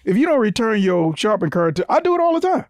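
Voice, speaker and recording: Comedian guest, male, indignant storyteller, expressive pitch. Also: fast, no echo, studio quality. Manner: animated, indignant ranting with laughs. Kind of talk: casual podcast chat, storytelling.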